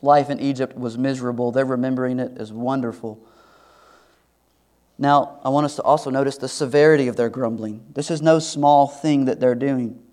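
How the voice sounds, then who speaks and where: A pastor preaching a sermon, earnest and building to emphatic questions. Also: male voice, mid-range voice, steady tone, normal speed, darkish tone.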